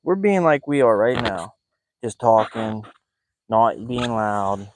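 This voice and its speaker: A man's voice: expressive, slow pace, slight background noise, low-quality recording. Chatty man fishing from a boat at night. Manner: chatty, joking, keeps his voice low. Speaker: fishing vlogger. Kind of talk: casual storytelling while fishing.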